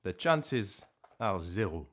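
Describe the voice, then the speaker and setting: A man chatting casually on a live stream from his living room, rambling and joking at himself with sudden loud outbursts. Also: low-pitched, very animated, slow, a little hiss or hum.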